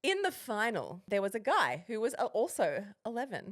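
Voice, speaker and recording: A woman's voice: a little high, normal speed. A woman in her thirties, co-hosting a podcast in casual chat and telling stories with lots of laughter. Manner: animated storyteller, laughs often. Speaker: podcast co-host.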